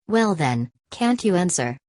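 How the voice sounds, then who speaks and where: An exasperated older father scolds with bitter anger, read by a woman narrator. The voice is low, and the audiobook recording is dry and close. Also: big pitch swings, measured pace, darkish tone, no room sound. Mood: angry. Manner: angry and scolding.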